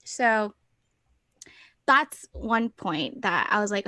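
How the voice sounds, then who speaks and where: A woman's voice: a little high, very slow, no room sound. A woman co-hosting a podcast, chatting casually and thinking aloud as she talks. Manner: talkative, animated, thinks aloud. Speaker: podcast co-host. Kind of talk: casual chat.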